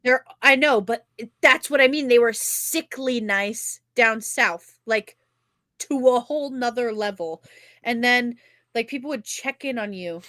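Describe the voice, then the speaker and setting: A young woman rambles through a story on a casual podcast, swearing without a second thought. Her voice is bright and punchy and sits a little high. It is recorded dry and close. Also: a little slow, no echo. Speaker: podcast co-host. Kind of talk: casual chat.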